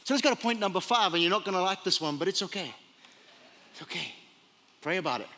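A man's voice: sits high, animated, rapid-fire, bright, forceful tone, big-room sound. A male pastor preaching a sermon in a church, emphatic and full of rhetorical questions. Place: church sanctuary.

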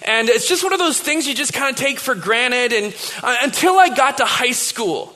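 A pastor in his thirties, whose very high voice is sharp and lively, speaks at a moderate pace. He tells stories conversationally during his sermon, restarting often, and the large hall gives a long reverb.

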